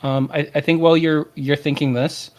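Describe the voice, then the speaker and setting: A man's voice: on the high side, flat delivery, moderate pace, a little mellow. A man narrating as game master, hesitant and full of filler words.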